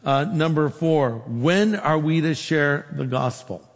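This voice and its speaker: A man's voice: fairly high pitch, takes it slowly. Man preaching in a reverberant hall. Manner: storytelling with lively quoted dialogue. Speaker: pastor. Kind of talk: sermon.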